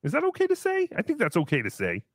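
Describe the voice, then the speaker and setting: A man's voice: sits high, huge pitch swings, fast talker, dry recording, studio quality, exaggerated voice. A man voicing a brash, boastful comic character who talks about himself in the third person while hosting a livestream. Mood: excitable. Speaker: show host character. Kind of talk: livestream comedy banter.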